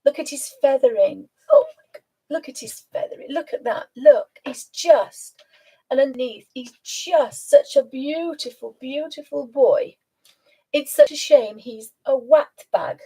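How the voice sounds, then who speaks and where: High, mellow-voiced woman host. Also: unhurried, poor audio. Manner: chatty, coos at her pet, laughs often. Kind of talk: casual live stream chat.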